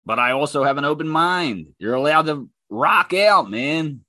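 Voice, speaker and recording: A man rants as a podcast host, his talk heated, profane and mocking. His pitch sits a little high and swings all over the place, and his tone is bright. The sound is dry and close. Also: lively intonation, normal speed, dry recording. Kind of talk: casual ranting commentary.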